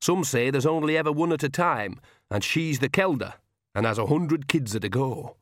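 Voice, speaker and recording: Here a man voices that same gossipy grandmother witch for a storybook, keeping her homely, folksy, cheerfully blunt manner. His delivery is animated and at normal speed, with a medium, fairly bright tone pitched slightly above his own voice yet close to everyday speech. The sound is dry, studio-quality.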